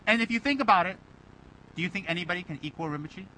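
A man teaching a Buddhist dharma talk, animated and rhetorical, mimicking his listeners' complaints. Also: high-pitched, quick pace, slight background noise, poor audio. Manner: animated, rhetorical, mocking imitations.

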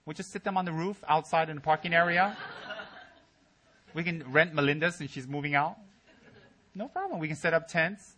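Man, Buddhist teacher, joking Dharma talk, bright forceful voice, slightly high pitch. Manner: joking, teasing, acts out mock voices.

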